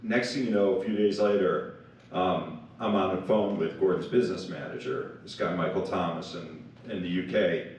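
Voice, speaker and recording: A man's voice: low-pitched, normal speed, darkish tone. A man, a company founder, telling a chatty anecdote on a panel, full of fillers. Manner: chatty, self-described blabbermouth, many fillers. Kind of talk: casual anecdote on stage. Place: large event hall. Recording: echoey hall, mic far off, faint noise.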